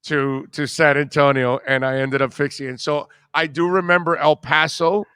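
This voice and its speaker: Man, middle-aged, radio host, casual rambling storyteller, somewhat high pitch, dry sound. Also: moderate pace, clean tone, dry recording. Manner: rambling, animated storyteller with many restarts.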